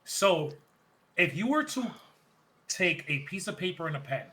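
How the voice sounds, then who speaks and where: A man co-hosting a podcast, recapping in casual chat with animated retellings, quick quoted bits and frequent laughter. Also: high voice, slight background noise, rough recording. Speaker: podcast co-host.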